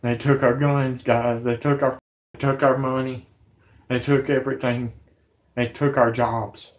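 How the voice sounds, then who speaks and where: A man with a hoarse, sick voice, rambling to his viewers in an agitated, pleading, repetitive way. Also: mid-range voice, little pitch movement, a little slow. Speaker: conspiracy vlogger. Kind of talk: rambling monologue to camera.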